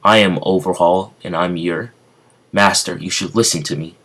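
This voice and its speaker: A man's voice: low-pitched, fairly even intonation, normal speed, a bit bright, breathy edge, heavily acted. A man voicing a cold, domineering adult villain who gives orders. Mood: menacing.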